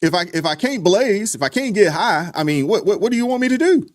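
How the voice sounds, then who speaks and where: A man putting on the voice of a whiny jobless man who complains that he cannot get high, pleading in a high voice. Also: very animated, fast. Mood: whining.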